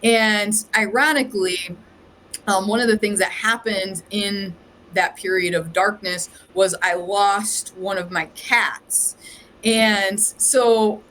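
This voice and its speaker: A woman's voice: mid-range voice, steady tone, slow, a bit bright, rough recording. Chatty woman telling her story. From Ohio, USA. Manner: chatty, rambling, heavy use of "like". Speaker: podcast guest, psychic medium. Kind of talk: casual storytelling chat.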